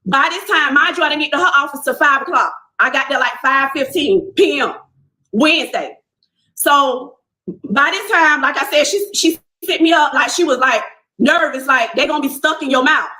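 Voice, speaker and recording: A young woman telling viewers a personal story in casual, animated speech, acting out what people said to her. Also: sits high, normal speed, roomy sound, rough recording.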